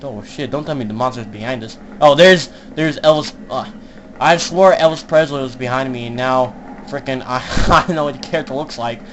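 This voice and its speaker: A young man giving casual, joking commentary while playing an online horror game, swearing and laughing often and shouting when startled. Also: medium pitch, brisk, slight background noise, low-quality recording. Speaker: gaming YouTuber. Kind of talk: casual let's-play commentary.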